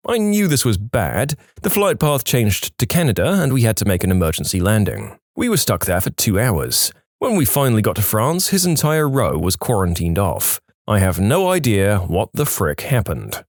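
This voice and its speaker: A man with a fairly low voice narrates stories with lots of swing in his pitch. His delivery is playful and a little sarcastic. The sound is close and dry, with no room around it. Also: sing-song, normal speed, hardly any pauses, no room sound. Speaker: narrator reading online posts. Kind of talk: storytelling narration.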